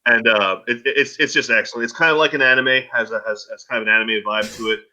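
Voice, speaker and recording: A man's voice: medium pitch, steady tone, fast talker, sharp tone, rough recording. A man chatting easily as a podcast guest on a video call, with filler words and restarts. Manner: easygoing, hesitant with fillers. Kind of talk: casual chat.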